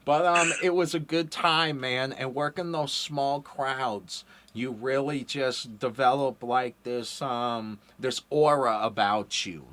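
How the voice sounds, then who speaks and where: A man's voice: mid-range voice, takes it slowly, hardly any pauses, fairly bright tone. A man in his thirties hosting a podcast interview, talking casually and profanely with lots of fillers. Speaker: podcast host.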